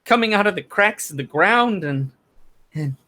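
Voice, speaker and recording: A man's voice: high-pitched, animated, moderate pace, pushed and bright, pitched above the performer's own voice. A man voicing a frightened, shaken male survivor who stammers and repeats words, trembling near tears. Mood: panicked.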